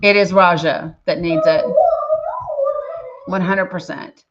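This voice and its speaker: A woman hosts a casual livestream, speaking earnestly and emotionally while reading viewer names from the chat. Her voice is lowish with fairly even intonation and a slow pace, and the slightly dull lo-fi recording is very noisy.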